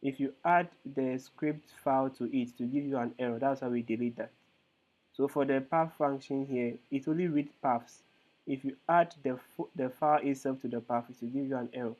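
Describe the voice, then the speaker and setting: A man's voice: mid-range voice, fairly even intonation, a little fast, darkish tone. A male instructor explaining code step by step in a live online lesson, hesitant with frequent fillers. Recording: tinny phone-like call audio.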